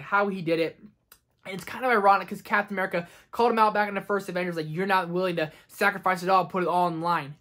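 A man's voice: sits high, a bit bright. A young man in his twenties casually ranking movies for his vlog, enthusiastic and ranty, sometimes acting out quoted lines. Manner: enthusiastic and ranting, slips into quoted voices. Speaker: movie review vlogger.

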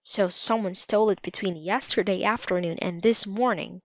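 A woman's voice: mid-range voice, moderate pace, dry recording, close to an everyday voice. A woman reading the lines of an earnest grown man in a storybook. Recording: slightly dull lo-fi recording.

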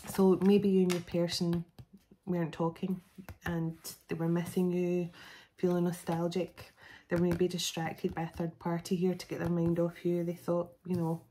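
A woman's voice: lowish voice, completely flat delivery, normal speed, dark tone, a little hiss or hum, low-quality recording. Chatty woman doing a tarot reading. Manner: chatty, rambling, many fillers and restarts. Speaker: tarot reader. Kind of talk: casual spoken tarot reading.

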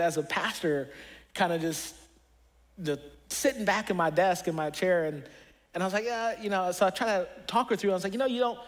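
A pastor preaching a conversational sermon, earnest and personal, often restarting his sentences as he tells stories. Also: high-pitched.

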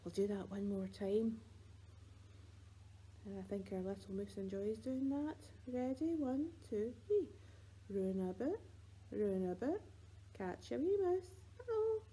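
Gentle sing-song Scottish woman. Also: mid-range voice, animated, measured pace, long pauses, husky, poor audio. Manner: sing-song, playful, with soft whispered asides. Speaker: children's librarian. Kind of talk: leading baby rhymes and songs. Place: library.

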